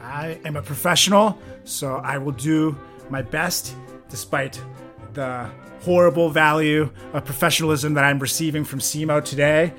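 A man co-hosting a comedy podcast, joking sarcastically and swinging from muttered asides to loud bursts. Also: on the high side, steady tone, normal speed, soft background music. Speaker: podcast co-host.

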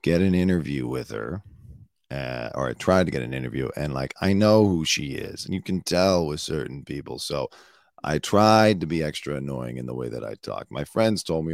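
A man hosting a casual comedy news show, talking bluntly in a hoarse voice, swearing and drifting into asides. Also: very deep voice, expressive, normal speed, no echo, clean studio sound. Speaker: show host and former celebrity news producer.

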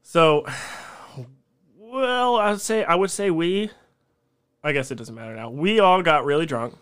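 A man's voice: fairly high pitch, animated, measured pace, a bit bright, clean tone. A young man, a podcast guest telling a rambling, profane story and laughing along the way.

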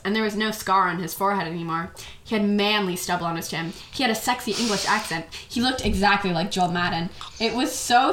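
A woman podcast co-host reads fan fiction aloud at a middling pitch, giggling and stopping to redo lines. She sits off-mic in a roomy, echoing space with a steady hiss of noise behind her. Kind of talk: casual chat and reading fan fiction aloud. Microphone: farther from the mic than her co-host. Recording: echoey room, off-mic, background noise.

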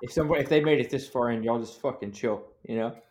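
A man who is a podcast guest, chatting casually, loud and excitable, swearing constantly. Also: mid-range voice, quick pace. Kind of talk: casual chat.

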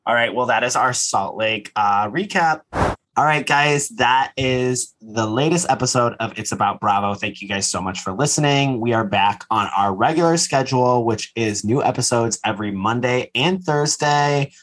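A man's voice: medium pitch, moderate pace, a bit bright, a little hiss or hum, poor audio. A man co-hosting a podcast, chatting casually and acting out scenes with lots of "like". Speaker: podcast co-host. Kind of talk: casual recap chat.

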